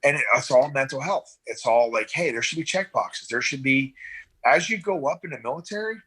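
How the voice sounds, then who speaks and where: A man's voice: mid-range voice, a little fast, breathy edge. A middle-aged man, a veteran rescue swimmer and paramedic, telling rambling stories in a casual interview and acting out the voices of the people in them. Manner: rambling, animated, acts out voices in anecdotes.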